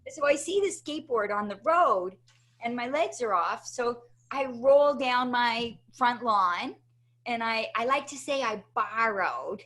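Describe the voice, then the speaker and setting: Brief: woman, interview guest, higher pitch, animated storyteller who keeps asking "right?". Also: a little slow. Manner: animated, tags many sentences with "right?". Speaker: interview guest, motivational speaker. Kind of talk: personal storytelling in conversation.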